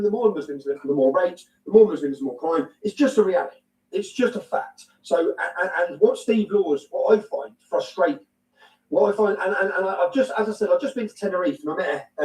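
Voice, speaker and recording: A man's voice: sits high, animated, a little fast, darkish tone, echoey room, recorded from a distance, poor audio. A man with an English accent, talking bluntly and emphatically as an interview guest, repeating his points and swearing now and then. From England. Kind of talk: heated conversational interview.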